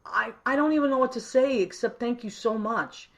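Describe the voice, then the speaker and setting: A woman musician hosting a live online show, chatting warmly and effusively and greeting viewers by name. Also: on the high side, normal speed. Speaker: online radio show host. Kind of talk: casual live-stream chat.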